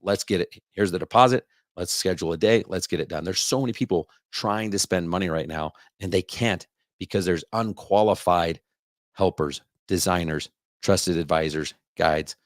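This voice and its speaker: A man hosting a podcast, delivering an energetic, repetitive sales rant in a coaching tone. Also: low voice, normal speed, no echo, clean studio sound. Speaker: podcast host.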